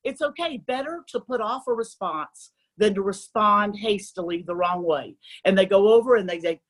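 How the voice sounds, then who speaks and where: A woman's voice: mid-range voice, normal speed, rough recording. A woman speaking as a guest on a faith-based parenting show, earnest and quoting scripture.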